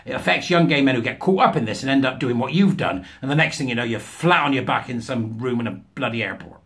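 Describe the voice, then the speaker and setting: A man's voice: medium pitch, expressive, fast, a bit bright. A man reading news articles aloud and mocking them with sarcastic, scornful asides, often laughing at his own jokes. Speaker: commentator.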